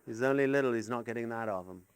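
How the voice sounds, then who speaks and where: An older man performing a rambling, absurd stand-up comedy set at a live gig in a gallery, sweary and swinging from muttering asides to shouted rants. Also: mid-range voice, fast talker.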